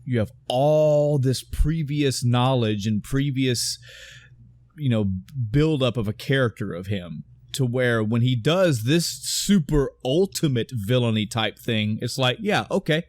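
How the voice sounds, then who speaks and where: A man co-hosts a casual film podcast with a rambling, profanity-laced delivery. He keeps tripping over names and restarting sentences. His voice sits at a middling pitch and is recorded close and dry, with no room sound. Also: unhurried, a little mellow, no room sound. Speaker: podcast co-host.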